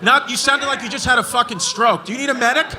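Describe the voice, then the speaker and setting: A man doing loud, profane stand-up crowd work, roasting hecklers on a comedy club stage. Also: extremely high pitch, fast. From Brooklyn, New York. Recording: live club audience noise. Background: laughing club audience.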